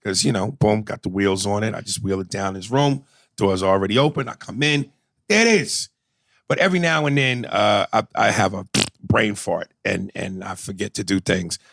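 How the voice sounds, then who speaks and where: A man's voice: on the low side, normal speed, gravelly, dry recording. A man co-hosting a podcast, telling loose, profane stories in casual chat. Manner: profane, animated storytelling with impressions. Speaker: podcast co-host.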